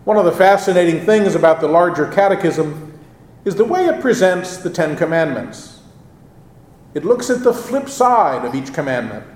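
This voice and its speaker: A man with a notably high voice preaches from the pulpit, measured and expressive. He leans into the quoted passages, stretching them out for weight. The sound carries the roomy echo of a church sanctuary. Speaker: pastor. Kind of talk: sermon.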